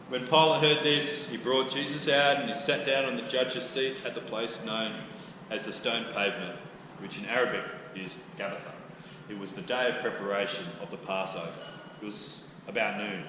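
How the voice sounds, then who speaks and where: Animated pastor preaching in an echoey hall. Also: male voice, mid-range voice, moderate pace. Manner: animated, acts out quoted voices loudly. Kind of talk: sermon. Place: church hall. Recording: echoey church hall with faint noise.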